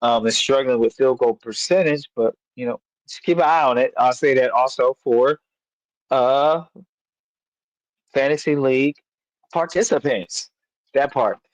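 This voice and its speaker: A man's voice: medium pitch, unhurried, long pauses, dry recording. A man hosting a casual live sports chat, rambling with fillers and breaking into playful sing-song chants. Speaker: sports podcast host. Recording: dull lo-fi dry mic.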